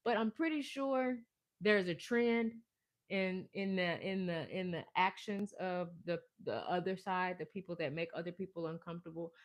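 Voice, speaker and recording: A woman hosting a casual spiritual live stream, talking with passion and rambling, swinging from soft asides to loud, emphatic bursts. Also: lowish voice. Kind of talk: casual spiritual pep talk.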